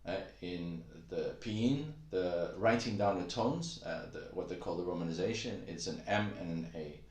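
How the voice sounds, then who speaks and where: A man with a fairly low voice talks through a casual language lesson in a roomy, echoing space. His explanations are relaxed and full of "uh" fillers. He breaks into high, exaggerated syllables to demonstrate the tones. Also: moderate pace. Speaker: Mandarin tone teacher.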